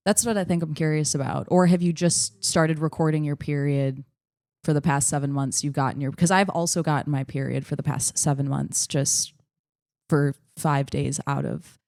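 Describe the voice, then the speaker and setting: A woman comedian giving mock-earnest, faux-therapeutic advice in a deadpan, soothing way. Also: sits low, normal speed, dry recording, clean studio sound. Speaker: comedian contestant.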